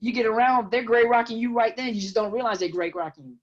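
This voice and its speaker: A woman's voice: fairly high pitch, fairly even intonation, fast. A woman counselor giving emphatic explanations in an interview, often repeating words as she builds her point. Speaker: guest counselor. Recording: dull lo-fi audio.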